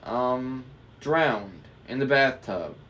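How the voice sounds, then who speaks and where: A man's voice: medium pitch, animated, extremely slow, a bit bright. A man voicing a nervous teenage satyr boy who speaks in a jumpy, eager way.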